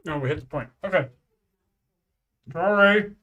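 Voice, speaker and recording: A man's voice: sits high, unhurried, bright, forceful tone, far from the mic, highs cut off. A man casually chatting on a live stream at home while practicing craps, calling out rolls and bets.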